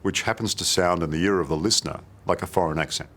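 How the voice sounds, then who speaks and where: A man's voice: low voice, quick pace, a bit bright. A man interviewer asking questions.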